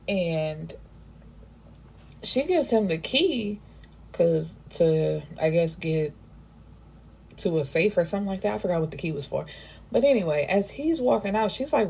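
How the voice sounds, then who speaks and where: A woman with a lowish, warm voice recaps a novel for her viewers. She talks casually and animatedly, swears freely, and slips into the characters' voices. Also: moderate pace, slightly rough. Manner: animated, profane, acts out character dialogue. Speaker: book reviewer.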